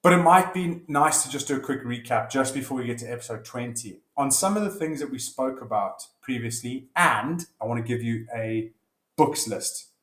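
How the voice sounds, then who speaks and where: A man's voice: medium pitch, normal speed, a bit bright. A man hosting a casual solo podcast, chatty and storytelling, correcting himself as he goes. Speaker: podcast host. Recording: echoey room.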